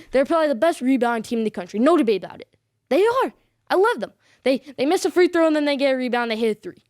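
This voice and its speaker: A woman's voice: sits high, no echo, studio quality. A woman hosting a sports podcast, making emphatic picks and repeating her points for stress. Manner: bold predictions addressed to viewers. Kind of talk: solo sports commentary.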